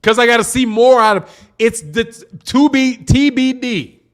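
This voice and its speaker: A man's voice: very high-pitched, moderate pace, a bit bright. A man hosting a live boxing show, reading chat comments and bluntly mocking commenters while repeating his points. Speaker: boxing channel host.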